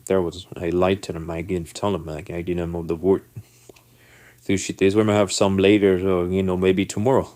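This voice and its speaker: A man whose first language is not English, telling a personal story to camera in a casual, animated way and acting out the people in it. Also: low voice, moderate pace, no room sound.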